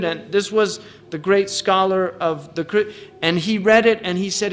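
A man's voice: high-pitched, normal speed. A man giving an earnest religious lecture, restarting phrases often and reciting Arabic verses. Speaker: Islamic lecturer.

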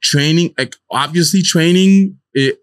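A man's voice: on the high side, measured pace. A man co-hosting a podcast, chatting casually in a rambling way with many restarts and laughs. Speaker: podcast co-host. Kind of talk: casual chat.

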